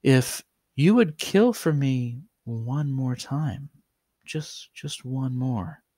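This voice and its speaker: A man voicing a shy, eager young female pony girl in a soft, coaxing way. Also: medium pitch, lively intonation, very slow, no room sound.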